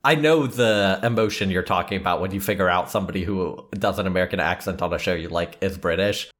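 Man, podcast co-host, deadpan, dry jokes, casual, lowish voice. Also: quick pace. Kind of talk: casual chat.

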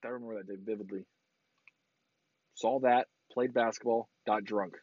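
A man in a car, giving a crude, profane road-rage rant and yelling sarcastic insults at other drivers. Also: lowish voice, fairly even intonation, moderate pace, no echo. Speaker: vlogger ranting while driving. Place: inside a car in traffic. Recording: dull lo-fi sound.

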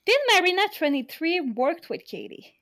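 Lively high-voiced woman chatting. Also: moderate pace. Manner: animated, laughs often, swears freely. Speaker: podcast co-host. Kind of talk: casual TV recap chat.

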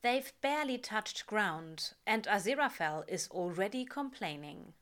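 A woman reading a story aloud in a measured, calm narration. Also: mid-range voice. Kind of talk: reading fan fiction aloud.

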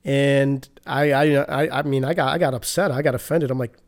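A man giving an earnest, halting personal recovery testimony, often restarting his sentences. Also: mid-range voice, fairly even intonation. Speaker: speaker sharing his recovery story.

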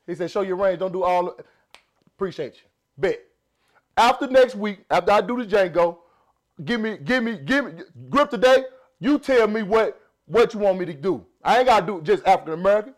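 High-voiced Southern man, animated banter. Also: fairly quick. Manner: animated, laughing, many restarts and fillers. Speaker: podcast host. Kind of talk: casual podcast chat.

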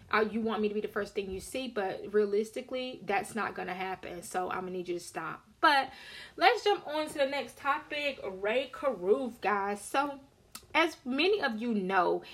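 A woman's voice: mid-range voice, fairly bright tone. A woman vlogger telling a story to her viewers in a candid, emphatic, sassy way with casual swearing. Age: adult with a daughter.

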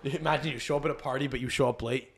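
A man's voice: medium pitch, fairly even intonation, racing, slightly rough. Young male podcast host, crude and rambling, cursing, laughing through tangents, recording at home. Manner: crude, rambling, swears a lot, laughs often. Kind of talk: casual podcast rant. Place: home, family upstairs.

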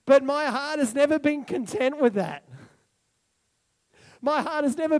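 A man preaching a sermon to a church congregation, animated and exclamatory, with sudden whoops. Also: very high-pitched, unhurried, pauses often. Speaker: pastor. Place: church hall.

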